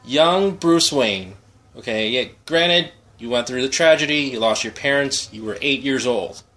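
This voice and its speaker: A man with a bright, forceful voice tells a long comic story on a podcast. He rambles and circles back. His pitch sits in the middle range. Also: a little slow. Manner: rambling storyteller, acts out quotes. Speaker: podcast host. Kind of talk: casual comedic chat.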